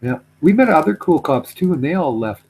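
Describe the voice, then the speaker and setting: A man's voice: fairly high pitch, expressive, a little fast, gravelly, darkish tone, slight background noise, low-quality recording. A middle-aged man telling a story in casual chat, rambling, repeating himself, trailing off.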